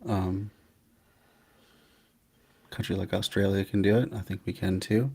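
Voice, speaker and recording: A man's voice: deep voice, fairly even intonation, unhurried, creaky, mellow, breathy edge. A man hosting a casual stream, commenting on history in a loose, joking way.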